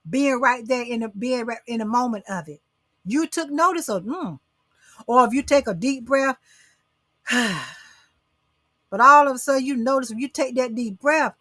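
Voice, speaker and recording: A woman's voice: on the high side, sharp tone, no echo, studio quality. A middle-aged woman hosting a casual motivational talk show, coaxing and preaching to her viewers. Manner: preachy, coaxing, addresses audience as y'all.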